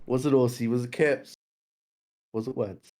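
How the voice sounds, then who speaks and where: A man's voice: medium pitch, steady tone, normal speed, a little mellow. A man hosting a live music game show, chatting casually and teasing the contestants. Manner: laughing, teasing banter. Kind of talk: casual live-stream chat.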